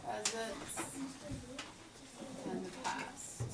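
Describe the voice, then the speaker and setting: A woman teaching a class of children, giving instructions and stretching out her cue words slowly. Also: mid-range voice, big pitch swings, creaky. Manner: slow, drawn-out cue words. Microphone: worn teacher mic, recorded from a distance. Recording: echoey classroom mic from far off. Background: classroom noise.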